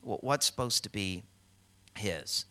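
A middle-aged man preaching a sermon as pastor, telling stories and acting out quotes with lively swings in voice. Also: fairly low pitch, slow. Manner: storytelling with animated acted-out quotes.

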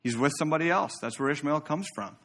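A man's voice: on the high side, animated, fast, fairly bright tone. A man pastor giving a sermon in church, preaching in a conversational way with asides to the congregation.

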